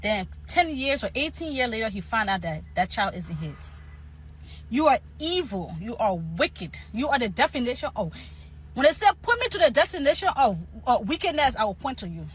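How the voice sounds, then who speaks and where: A woman's voice: a little high, very animated, moderate pace, slight background noise, low-quality recording. A woman with an African accent giving an emphatic opinion commentary, often repeating herself for stress.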